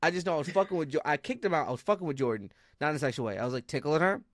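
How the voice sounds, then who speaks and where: A man co-hosting a podcast in casual chat, with a Baltimore accent, swearing freely and breaking into high excited yelps when he retells a story. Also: very fast, no room sound, studio quality. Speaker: podcast co-host.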